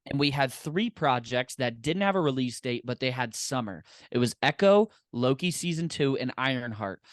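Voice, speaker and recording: A man's voice: mid-range voice, expressive, normal speed, no room sound, studio quality. A man co-hosting a podcast in casual chat, enthusiastic and rambling. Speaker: podcast co-host.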